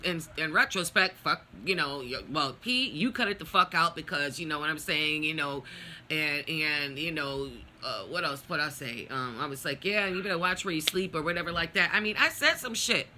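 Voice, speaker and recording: Middle-aged woman, bright edgy voice, heated and foul-mouthed storytelling to camera. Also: lowish voice, animated, normal speed, a little hiss or hum. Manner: blunt, profane, heated venting. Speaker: vlogger. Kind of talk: personal storytime rant.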